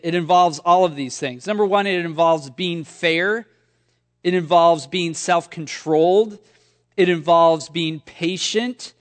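A man with a fairly high voice preaches in a church sanctuary, and his words hang in a long hall reverb. He talks to the congregation conversationally, slipping into funny everyday stories between points. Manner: conversational storytelling with humor. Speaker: pastor. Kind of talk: sermon.

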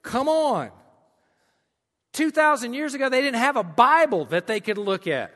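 Country-accented male pastor, high-pitched, preaching emphatically in a reverberant church. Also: sing-song, brisk, fairly bright tone. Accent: American country. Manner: emphatic preaching with folksy humorous asides. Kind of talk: sermon.

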